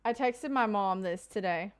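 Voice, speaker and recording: A woman's voice: medium pitch, normal speed, clear, resonant tone. A woman from Kentucky streaming live, chatting casually with her viewers and reading out their comments with loose asides and fillers.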